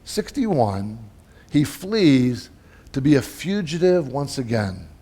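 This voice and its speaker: A middle-aged male pastor preaching a sermon in a conversational way, often checking in with the congregation and swinging between loud and soft. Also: medium pitch, very animated, slow pace, breathy edge.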